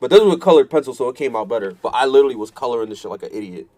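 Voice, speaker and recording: A man's voice: mid-range voice, lively intonation, rapid-fire, dark tone. Profane rambling male streamer. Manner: rambling, profane, self-mocking storytelling; keeps repeating himself in exasperation. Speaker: fighting game streamer. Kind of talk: casual live-stream chat.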